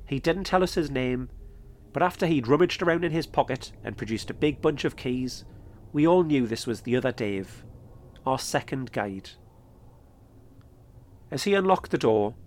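A man narrating his own podcast episode in a calm, measured storytelling manner. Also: medium pitch. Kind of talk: scripted narration.

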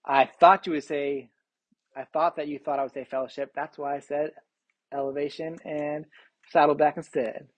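A man's voice: on the high side, level tone, dry recording, rough recording. Earnest man preaching, dry close sound. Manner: earnest, measured preaching with occasional fillers. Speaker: pastor leading a Bible study. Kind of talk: sermon and prayer, then casual Q&A.

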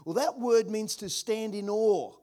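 A man's voice: sits high, unhurried, dark tone. A man preaching a sermon as pastor, earnest, often repeating words and building up emphasis.

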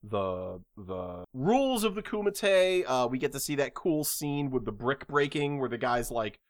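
A man co-hosting a podcast, casually recapping a movie in an animated, joking way with many restarts. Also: medium pitch, a little slow. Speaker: podcast co-host.

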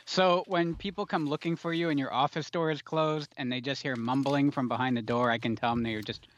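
A man's voice: medium pitch, fairly even intonation, brisk. A man co-hosting a podcast in casual chat, making wry teasing remarks. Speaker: podcast co-host. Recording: dull dry lo-fi mic.

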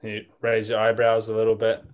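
A man's voice: fairly low pitch, monotone, brisk, smooth. A man telling a rambling, hesitant story as a student in an improv class.

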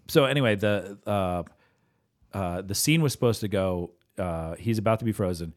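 A man with a somewhat low voice chats casually on a podcast. He tells long, enthusiastic stories, looping back with fillers and restarts as he goes. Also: normal speed. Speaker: podcast co-host. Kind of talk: casual chat about films.

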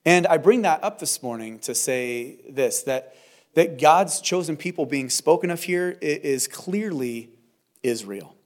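Male pastor, slightly higher voice, conversational and earnest sermon delivery at a church service. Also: animated, unhurried. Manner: conversational, earnest, with frequent fillers and restarts. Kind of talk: verse-by-verse sermon.

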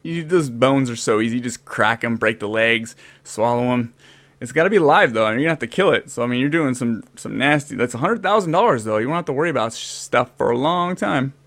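A man's voice: mid-range voice, lively intonation, brisk, a bit bright. A man hosting a casual chat who jokes around and goads his guest with playful questions. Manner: joking, playful, goading questions. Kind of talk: casual conversation.

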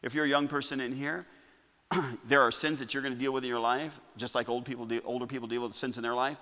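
Bright-voiced preacher man, echoing church. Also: medium pitch, fairly even intonation, quick pace. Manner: preacherly, swings between loud declarations and quiet asides. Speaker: pastor. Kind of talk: sermon. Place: church sanctuary. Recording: long reverb of a church hall.

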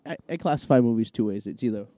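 Fast-talking man with a dark voice. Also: mid-range voice, animated, no echo. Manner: profane, joking, rambling sports talk. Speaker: podcast co-host. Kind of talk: casual chat.

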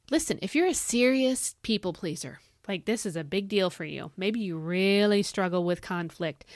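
Female devotional podcast host, mid-range voice, earnest and encouraging, emphatic highs and hushed asides, slight thirsty crack, dry close recording. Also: dry recording. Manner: earnest and encouraging, asks listeners direct questions; swings between bright emphatic highs and soft low asides.

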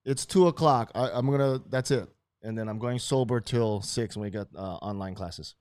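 A man's voice: fairly low pitch, normal speed, clean tone, no room sound. Brash swearing man. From Hawaii. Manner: brash, swearing, animated bursts. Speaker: host. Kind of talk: casual profane chat.

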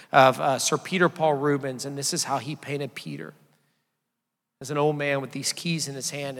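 Guy preaching a sermon, kinda high voice, gravelly, chatty with the crowd. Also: fairly bright tone. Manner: conversational, asks the congregation to call out answers. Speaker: pastor. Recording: long hall reverb.

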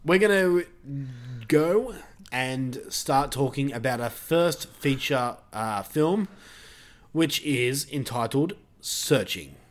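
A man's voice: medium pitch, lively intonation, slow pace. A man hosting a podcast, chatting casually about a film and rambling through many fillers and restarts. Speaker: podcast host. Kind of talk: casual movie review chat.

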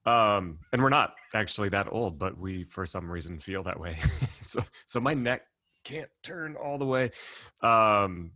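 A man's voice: fairly low pitch, expressive, measured pace, pushed and bright, dry recording, clean studio sound. A man, a pastor hosting a church podcast, chatting in an easygoing way. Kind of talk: casual church podcast chat.

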